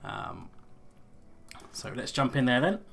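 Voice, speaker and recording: A man's voice: medium pitch, slow pace, gravelly, a crowd in the background. A man hosting a let's play, chatting casually and mocking himself as he comments on the game. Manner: relaxed, self-mocking, with fillers.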